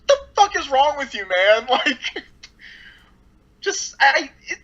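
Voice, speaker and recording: Blunt, sarcastic woman reviewer with a bright voice, casual and loose; slightly dull recording. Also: high-pitched, very animated, moderate pace. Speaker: movie reviewer.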